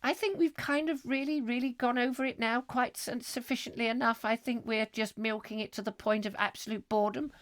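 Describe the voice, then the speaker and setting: A man voicing a fussy, flustered wife in an improvised comic sketch, in a fluttery falsetto that dithers over its words. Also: fairly even intonation, a little fast, hardly any pauses, a bit bright, dry recording, clean studio sound. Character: fussy Victorian-style wife, shrill and flustered.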